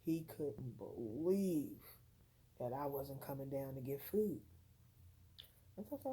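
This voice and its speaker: A woman's voice: rumbling low, expressive, measured pace, long pauses, warm tone, husky, poor audio. A tired woman from the United States, telling her own story in a rambling, frank, conversational vlog at home. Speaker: content creator.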